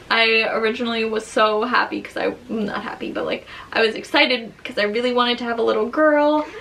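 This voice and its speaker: A young mother talks at home in a loose, rambling vlog chat, her words full of fillers. Her voice sits a little high for a woman and carries a gravelly, fry-laced edge. She sounds candid and unpolished. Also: a bit bright. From Long Island, New York. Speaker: vlogger, new mother. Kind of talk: casual chat. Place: at home near her baby's crib.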